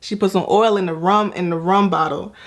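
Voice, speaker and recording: A woman's voice: on the low side, steady tone, a little fast. A young woman hosting a casual hair-care reaction vlog, chatty and playful with emphatic repetitions. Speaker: natural hair vlogger.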